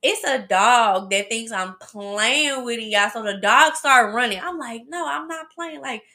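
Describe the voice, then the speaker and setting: A woman hosting a podcast, telling a personal story in a chatty, animated way and talking straight to her listeners. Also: a little high, unhurried. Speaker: podcast host. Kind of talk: casual storytelling.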